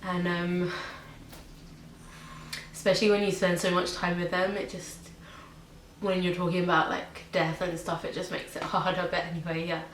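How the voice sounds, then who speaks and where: Young woman vlogger from Britain or Ireland, lowish even voice, rambling and chatty, in an echoey room with a faint hiss. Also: normal speed. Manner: chatty, many ums and likes. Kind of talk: casual pet tag video.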